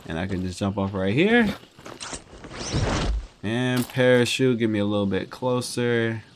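A man casually commenting on his own gameplay, chatty and breaking into loud excited yelps. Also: mid-range voice, slight background noise. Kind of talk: casual let's-play commentary.

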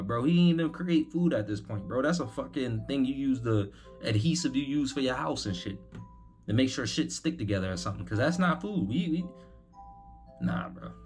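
A young man giving rambling, profane, incredulous commentary while hosting a reaction video. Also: mid-range voice.

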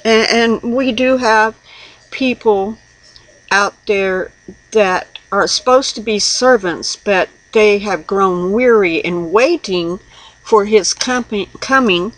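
A woman's voice: medium pitch, takes it slowly, low-quality recording. A middle-aged woman giving an earnest personal devotional sermon, reading scripture aloud and confessing her own faults. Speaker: lay preacher.

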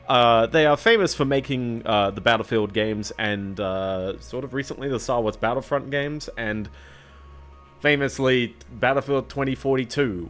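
Speaking into a desk mic, this man has a mid-range, fairly bright voice. He's streaming gameplay and keeps up a loose, chatty ramble sprinkled with fillers and small chuckles.

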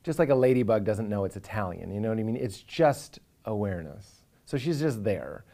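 A man's voice: lowish voice, lively intonation, brisk, dark tone. A man, a comedian talking earnestly and with animation in a reflective interview, now and then acting out inner voices for a laugh.

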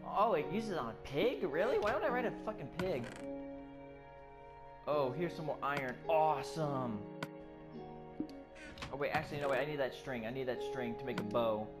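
A let's play gamer narrates live gameplay, jumping between startled yelps and muttered asides while swearing constantly. The voice sits at a middling pitch. Clear background music plays under the talk throughout. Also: expressive, moderate pace, long pauses.

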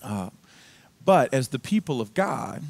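A male pastor delivering a sermon in a church. He talks in a relaxed, chatty way, telling stories like he would to friends. His voice sits at an ordinary middle pitch for a man. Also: measured pace, gravelly. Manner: casual, conversational storytelling. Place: church sanctuary.

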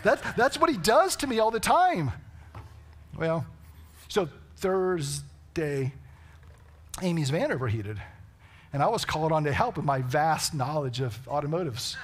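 A man's voice: a little high, big pitch swings, a little slow, husky. A man preaching a sermon, telling stories and asking the congregation rhetorical questions. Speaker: pastor. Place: church sanctuary.

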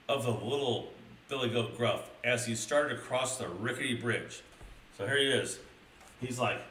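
A young man streaming a crude comedic storybook reading, excitably addressing his chat. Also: medium pitch, normal speed, pauses often, far from the mic. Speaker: streamer reading a children's book. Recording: roomy, a little off-mic, faint noise.

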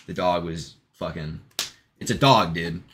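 A man's voice: low-pitched, a little slow, a bit bright, slight background noise. A man casually retelling a long joke in a rambling monologue, full of ums, restarts and offhand swearing. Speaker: vlogger.

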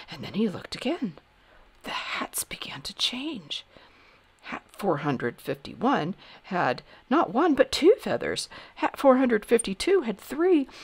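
A woman reading a children's storybook aloud in an expressive way, dropping to whispers for suspense. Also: fairly high pitch, gravelly, breathy edge. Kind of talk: reading a picture book aloud.

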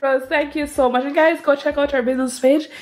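A woman's voice: high voice, fairly even intonation, fairly quick. A young woman, a mother, gushing and emotional as she unboxes gifts in a casual vlog, laughing often. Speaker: family vlogger, mother.

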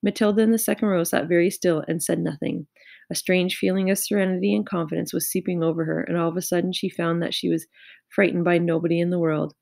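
A woman narrating a children's storybook in a measured, expressive reading. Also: fairly low pitch, creaky, no echo, clean studio sound. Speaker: audiobook reader.

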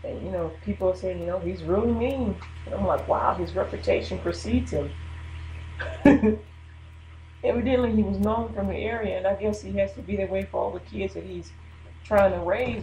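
A woman's voice: medium pitch, darkish tone, echoey room, slight background noise, rough recording. A woman hosting a radio show, talking casually about faith and laughing between her points. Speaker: radio host.

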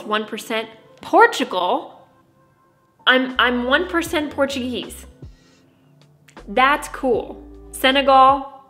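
A woman's voice: mid-range voice, bright, forceful tone. A young American woman talking to camera in a casual vlog, bubbly and playfully dramatic. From United States. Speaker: vlogger.

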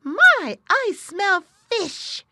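A woman voicing an excitable, greedy young male otter in a storybook, with loud, high-pitched exclamations. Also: drawn-out words, very noisy, exaggerated voice. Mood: gleeful. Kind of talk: storybook character voice.

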